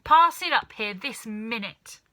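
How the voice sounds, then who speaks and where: A bellowing, bad-tempered old grandmother from a children's storybook, as a woman reader puts her on. She drags out her words, pitched high and loud, hurling accusations in a bright, cutting tone. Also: expressive, measured pace. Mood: accusing. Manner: shouting, accusing.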